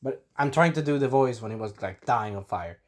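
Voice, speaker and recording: A man giving a casual spoken episode recap, animated and breaking into character voices, clearing a scratchy throat. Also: fairly quick. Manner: animated, acts out characters in sudden high voices. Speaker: video reviewer.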